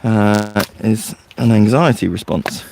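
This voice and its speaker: A man's voice: fairly low pitch, slow pace, gravelly, a little mellow, slight background noise. A man, a forest school leader chatting casually and explaining things in a loose storytelling way. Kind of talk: casual podcast chat.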